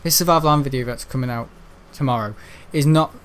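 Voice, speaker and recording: Rambling young Merseyside lad streaming. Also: male voice, mid-range voice, fast talker, slight background noise. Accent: Merseyside English. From the Wirral, England. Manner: hesitant, many ums and restarts, chuckling. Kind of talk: rambling casual chat.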